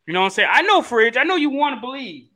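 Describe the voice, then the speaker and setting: A man co-hosting a podcast in casual chat, animated and teasing, swearing freely. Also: extremely high pitch, quick pace. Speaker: podcast co-host.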